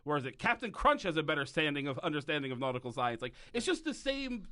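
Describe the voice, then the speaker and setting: A man hosting a comedy podcast recorded live. His voice is bright and a little sharp. He rambles through jokes, laughing as he goes. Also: fairly high pitch, big pitch swings, quick pace. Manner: rambling, joking, lots of fillers and laughs. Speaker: podcast host. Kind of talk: casual comedic chat about a TV show.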